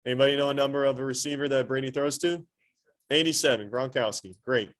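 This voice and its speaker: A male teacher lectures an anatomy class at a middle pitch. He keeps up a steady stream of questions to his students. He leans on playful analogies and rhetorical asides. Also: quick pace. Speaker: high school anatomy teacher.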